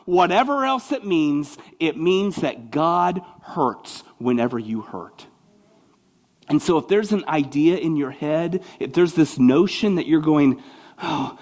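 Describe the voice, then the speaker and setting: A male pastor preaching with a lively, swooping voice that sits a bit high for a man. He talks conversationally, tosses in mocking asides, and goes quiet and slow when he lands a point. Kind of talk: sermon.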